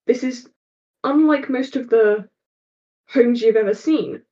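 A woman game master narrating a tabletop game, setting scenes in a slow, meandering, descriptive way. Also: on the high side, warm tone, muffled recording.

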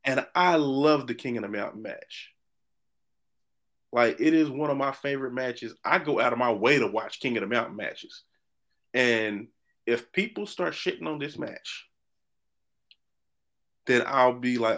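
A man co-hosting a podcast in casual chat, animated and opinionated, often restarting his sentences. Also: medium pitch, a little slow, long pauses. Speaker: podcast co-host.

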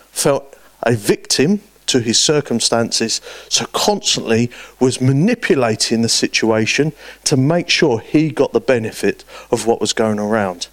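A man preaching a sermon, telling stories with lively swings between loud and hushed delivery. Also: medium pitch, no room sound.

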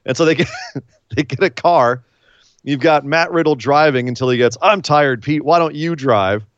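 A man's voice: fairly high pitch, moderate pace, no echo. Chatty man recapping wrestling, lo-fi. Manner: chatty, laughs while recapping. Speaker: wrestling podcast co-host. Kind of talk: casual recap chat.

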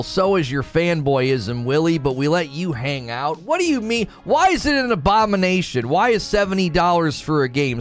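A man hosting a casual livestream, reading viewer comments from home and ranting with lots of laughter. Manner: animated, laughing, rants with rising pitch. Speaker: livestream host. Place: home room.

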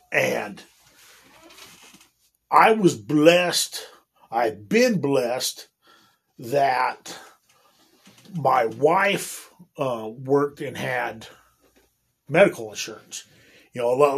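A man's voice: medium pitch, creaky, slightly rough. A man in his forties, a union electrician, telling a rambling work story in casual chat, swearing constantly.

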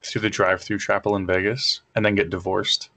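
A man's voice: lowish voice, level tone, a little fast, sharp tone. A man co-hosting a podcast, chatting casually with dry, teasing remarks. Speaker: podcast co-host.

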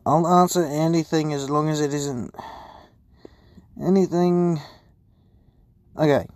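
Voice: medium pitch, steady tone, slow, long pauses, darkish tone, no echo. Profane, self-mocking podcast host. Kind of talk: casual live chat, taking requests.

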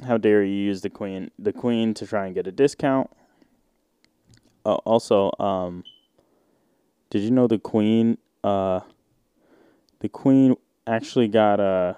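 A man's voice: on the low side, warm tone, clean tone, no echo, studio quality. A man hosting a solo podcast, ranting in a casual, indignant way with lots of swearing and filler words. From United States. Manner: profane, indignant, rambling with many fillers. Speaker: podcast host.

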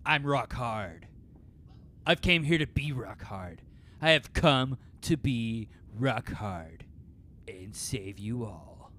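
A man's voice: mid-range voice, expressive, slow pace, bright, forceful tone, slight background noise. A man co-hosting a comedy improv podcast, riffing in a goofy, playful way. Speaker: podcast co-host playing the hero.

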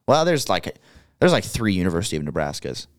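A young man co-hosting a sports podcast, casual and animated, often repeating his words as he talks. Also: low voice, fairly quick, no room sound, studio quality. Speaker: podcast co-host.

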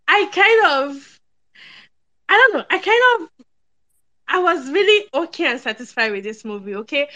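Chatty high-voiced woman. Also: pushed and bright. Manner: chatty, laughs often, many ums and restarts. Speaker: podcast film reviewer. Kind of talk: casual film review chat.

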